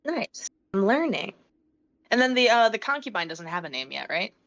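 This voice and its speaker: A woman's voice: medium pitch, big pitch swings, normal speed, a bit bright. A woman talking casually as a player in a tabletop game, chatty and full of fillers. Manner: chatty, lots of "like" fillers, laughs often. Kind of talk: tabletop role-play chat. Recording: slightly dull, lo-fi sound.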